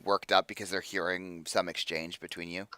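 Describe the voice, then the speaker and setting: Low, bright-voiced male game master. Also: flat delivery, normal speed, clean tone, no room sound. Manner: casual, filler-heavy narration. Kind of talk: narrating a tabletop game.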